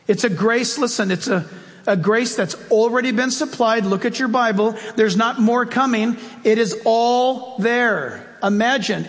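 A pastor delivering a sermon in a church, his fairly high voice carrying through a long, ringing hall reverb. He preaches in an animated, storytelling way, jumping up and down in pitch as he acts out his points.

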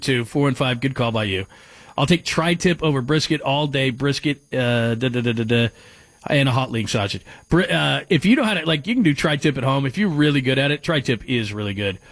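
This sports talk radio host has a medium-pitched, fairly bright voice with vocal fry, recorded dry on a studio mic. He chats loosely, wandering and breaking off mid-sentence as he reads texts sent in by listeners.

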